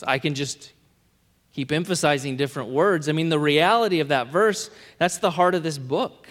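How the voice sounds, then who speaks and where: A man preaching a sermon in an earnest way, repeating key phrases and letting his sentences fall to soft endings. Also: on the high side, moderate pace, in a large hall.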